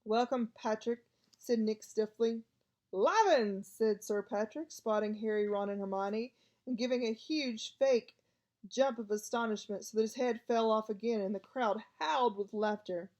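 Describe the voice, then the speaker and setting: A woman's voice: a little high, normal speed. A woman narrating an audiobook, reading expressively. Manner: expressive, lively voices for each character. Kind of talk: storybook reading.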